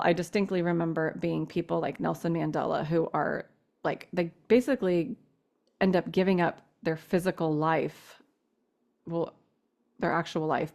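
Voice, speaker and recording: Woman on a podcast rambling thru a question, lotta "like"s, kinda low voice, swears casually. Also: gravelly, a little mellow. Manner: rambling, full of "like" and restarts. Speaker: podcast co-host asking a question. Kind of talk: casual chat.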